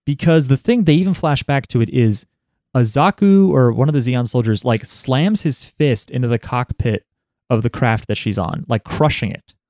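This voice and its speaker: A man's voice: mid-range voice, expressive, moderate pace, darkish tone, dry recording, clean studio sound. A man casually talking over an anime episode with a co-host, sarcastic and joking, swearing freely. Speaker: podcast co-host.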